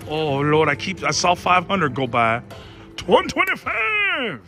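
A man giving casual live commentary as he plays slot machines on a casino floor, excitable and pleading with the machine. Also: on the high side, normal speed, faint music behind. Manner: excitable, pleading with the machine, keeps saying "everybody".

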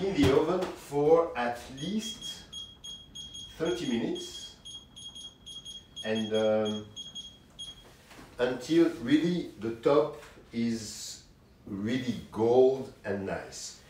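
Slow-talking man hosting a home cooking show. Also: medium pitch, lively intonation, heavy reverb, recorded from a distance, background noise. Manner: slow, chatty, hands-on instructions. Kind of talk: casual cooking demonstration. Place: home kitchen.

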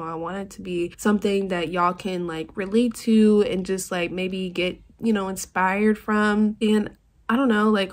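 A woman in her twenties talking casually to her vlog camera, rambling with lots of "like", emotional and on the verge of tears. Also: mid-range voice. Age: 20s. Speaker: vlogger.

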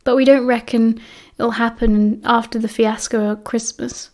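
A woman's voice: fairly high pitch, level tone, normal speed, a little mellow, natural voice. A woman with a British accent voicing a cheerful, confident teenage schoolboy wizard with a breezy, reassuring way of talking. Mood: easygoing.

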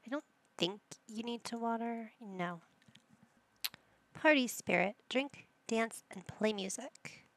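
Slow-talking woman narrating her gameplay. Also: fairly high pitch, creaky, dry recording. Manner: chatty, talks to the game characters as she plays. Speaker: gaming channel host. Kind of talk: casual let's-play commentary.

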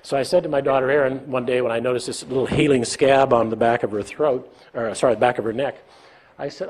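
A fast-talking older American with a steady, medium-pitched voice and a breathy edge presents a leadership talk. It unfolds as a conversational lecture of self-deprecating anecdotes, with dialogue acted out amid chuckles.

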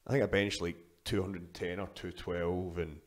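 A young Scottish man speaks in a fairly low voice as a guest in a relaxed chat. He tells his stories in a loose, rambling way, swearing often and circling back to restart sentences. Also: normal speed. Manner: swears freely, storytelling with frequent restarts. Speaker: guest, powerlifter. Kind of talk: casual podcast interview.

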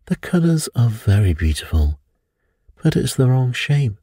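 A man reading a bedtime story, voicing a brooding priest who speaks low and dreamily of evil. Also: sing-song, measured pace, mellow, slightly rough, no echo, clean studio sound, heavily acted. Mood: dreamy. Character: mystical, brooding elderly male priest.

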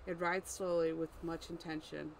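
An author reading their own fantasy story aloud while editing, pausing to correct slips and muse aloud. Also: mid-range voice, level tone, vocal fry, slight background noise, poor audio. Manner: unhurried, pausing, correcting slips, musing aside. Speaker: author and narrator.

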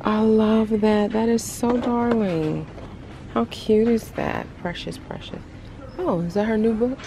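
Walking through a big retail store amid noisy ambience, a woman vlogger raves about the merchandise in a casual shopping video. Her voice is a little high, with fairly even intonation and a measured pace, and she frequently drops into half-whispered asides.

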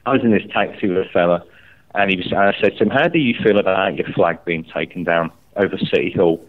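Man from scotland, angry and swearing, low voice, tinny phone line. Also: fast. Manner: angry, swearing, animated storytelling. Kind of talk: heated casual chat.

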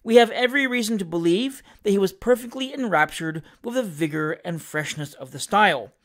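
A reader giving a scripted reading of a classic novel with expressive, lively narration. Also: mid-range voice, fairly quick. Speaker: audiobook reader.

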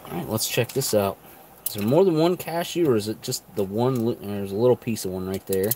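Chewing between bites, this food reviewer casually talks through rations on a live stream in a lowish voice at a brisk pace. He isn't Canadian, and a faint hiss or hum runs under the audio.

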